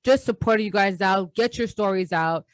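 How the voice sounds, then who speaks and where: A woman co-hosting a sports podcast in casual, animated chat, slangy and quick to laugh. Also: medium pitch, no echo. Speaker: podcast co-host.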